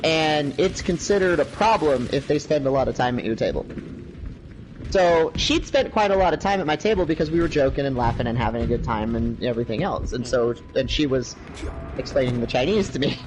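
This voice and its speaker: Animated man telling a story over gunfire. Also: medium pitch, fairly quick. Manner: animated storyteller, acts out quoted voices. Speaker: livestream co-host. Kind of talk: casual storytelling chat. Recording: noisy gameplay audio behind. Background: gunfire from a video game.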